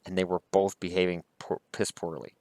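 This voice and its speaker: A man's voice: deep voice, level tone, a little fast, warm tone, no room sound. A man vlogging about hockey, talking in a heated, blunt and profane way. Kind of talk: casual opinion rant.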